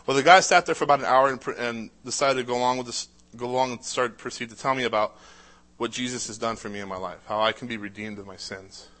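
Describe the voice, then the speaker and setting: A man's voice: medium pitch, fairly even intonation, quick pace, a bit bright. A man telling his own life story in casual, conversational speech, with frequent "uh" fillers and restarts. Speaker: speaker sharing a personal testimony.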